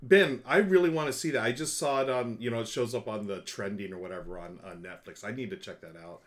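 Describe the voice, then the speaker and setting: A man's voice: fairly low pitch, fast talker. A man hosting a casual live stream from home, upbeat and thanking viewers by name as he chats.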